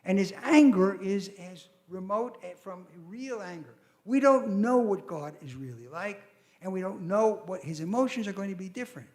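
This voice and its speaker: A man's voice: high voice, lively intonation, moderate pace, a little mellow. An older man giving an academic lecture, telling stories animatedly with quoted voices and asides.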